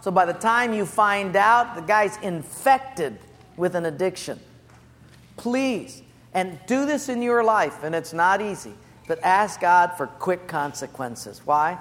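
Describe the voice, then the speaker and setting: Emphatic preacher in an echoey hall. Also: male voice, high-pitched, expressive, slow, fairly bright tone. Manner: emphatic, instructing congregation directly. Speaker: pastor. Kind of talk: sermon.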